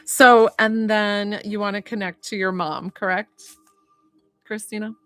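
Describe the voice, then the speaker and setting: A woman's voice: medium pitch, flat delivery, a little slow, a bit bright, faint music behind. Chatty woman giving a psychic reading. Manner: chatty, many "like" fillers. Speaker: psychic medium.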